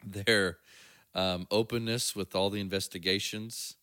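A man's voice: fairly low pitch, steady tone, a little slow, bright, forceful tone, clear, resonant tone, dry recording, studio quality. A man co-hosting a casual faith podcast, telling stories with plenty of fillers and easy laughs. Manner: storytelling, laughs easily, trails off with fillers. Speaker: podcast co-host. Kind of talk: casual chat.

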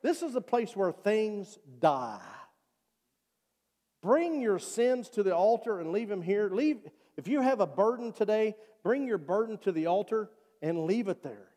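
A man's voice: high-pitched, sing-song, measured pace, warm tone. A male pastor preaching a sermon and leading an altar call, earnest and repeating his appeals. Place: church sanctuary. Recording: long church reverb.

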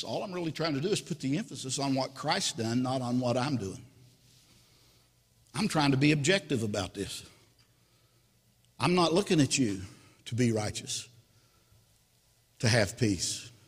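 A man preaching a sermon as pastor, slow and emphatic, repeating key words. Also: on the high side, fairly bright tone, husky, big-room sound.

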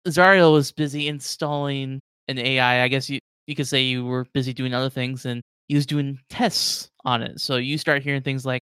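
A man's voice: mid-range voice, fairly even intonation, normal speed, few pauses, a bit bright, clear, resonant tone, dry recording, studio quality. A man narrating as game master in a casual tabletop session, playful and full of fillers.

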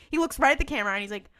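Woman podcast co-host, casual recap chat, lively pitch swings, dry close sound. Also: no room sound. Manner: animated, laughing, quoting characters in lively bursts.

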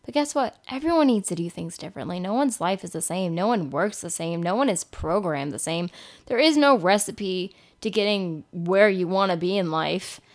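A woman's voice: lowish voice, lively intonation, moderate pace. A young woman talking candidly on her solo podcast, casual and frank, swearing now and then. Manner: candid, swears casually, breaks into silly singing. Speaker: podcast host.

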